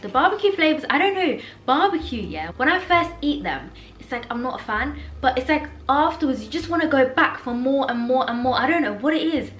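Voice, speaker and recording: A young woman talks animatedly to her viewers and doesn't hold back her opinions. Her voice sits a little high and has a sharp, bright edge. The room sounds echoey, and soft music plays underneath. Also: brisk, hardly any pauses. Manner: animated, outspoken, reacting with exasperation. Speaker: book vlogger. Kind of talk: casual reading vlog chat. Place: home room. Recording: roomy echo, faint background music.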